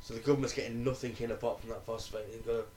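A man's voice: medium pitch, steady tone, rapid-fire, darkish tone, slight background noise. A man co-hosting a casual podcast, chiming in with short remarks. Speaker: podcast co-host. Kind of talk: casual chat.

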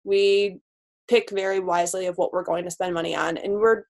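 A woman in her twenties who has just become a physical therapist speaks openly in a relaxed podcast interview. Her voice is fairly low, steady, and a bit dark, and she's chatty and quick to laugh.

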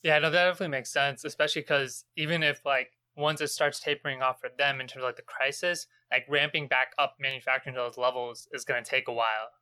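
A man hosts a podcast in fast, casual talk. His voice is bright and crisp, and the sound is dry and close. He fills his sentences with "like". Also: medium pitch, steady tone, dry recording. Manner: casual, many "like" fillers. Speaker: podcast host.

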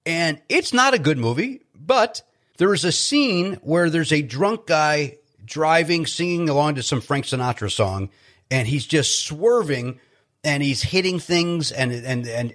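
A comedian from Chicago talks as a podcast guest, his voice sitting a bit higher than most men's. He rambles and stumbles over his starts, poking fun at himself as he tells stories. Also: animated, normal speed, a bit bright. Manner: rambling, self-deprecating, repeats words when starting. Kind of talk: casual interview chat.

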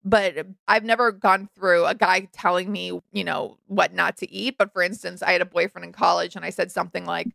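Chatty young woman with a gravelly edge. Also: fairly low pitch, brisk, hardly any pauses, dry recording. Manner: chatty, animated, frank. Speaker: podcast co-host. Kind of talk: casual recap chat.

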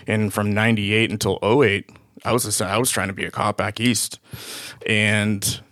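A man's voice: on the low side, flat delivery, normal speed, fairly bright tone, dry recording, clean studio sound. A man in his forties from the Boston area, an easygoing guest chatting casually in an interview, with frequent fillers. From Boston area, USA. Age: 40s. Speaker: podcast guest, police officer.

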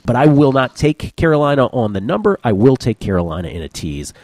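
A man with a mellow, dark voice hosts a sports betting show. He talks briskly and wryly, recorded close and dry with no room sound. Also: medium pitch, big pitch swings, no echo. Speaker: sports betting podcast host. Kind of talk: casual sports betting talk.

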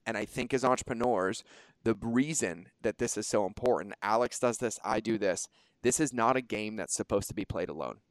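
A man's voice: lowish voice, fairly quick, no echo. A man hosting a podcast in casual conversation, talking emphatically and swearing casually. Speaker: podcast host.

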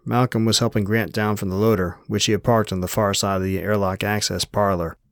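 Reading from a novel, this audiobook narrator keeps an even, measured pace in his low voice. It's a dry, intimate recording without any room sound.

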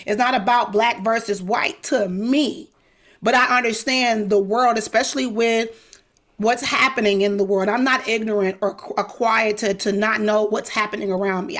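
A woman's voice: on the high side, fairly bright tone. A middle-aged woman speaking, a guest in an interview, outspoken and emphatic, acting out quoted voices as she talks. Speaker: podcast host, guest. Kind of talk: candid interview talk.

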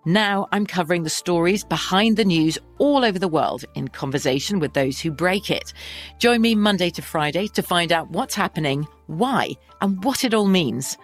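A woman hosting a podcast, reading a confident, measured promo with music behind her. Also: on the low side, animated. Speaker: podcast host.

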